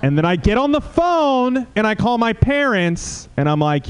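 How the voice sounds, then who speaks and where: High, lively stand-up comedian man. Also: clear, resonant tone. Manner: rambling, self-deprecating, halting asides. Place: small comedy club stage.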